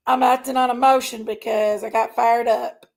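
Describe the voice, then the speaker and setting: Fired-up, gravelly woman with a high voice. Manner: emotional, fired up, tells herself to calm down. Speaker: online commentary streamer. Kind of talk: heated casual rant to viewers.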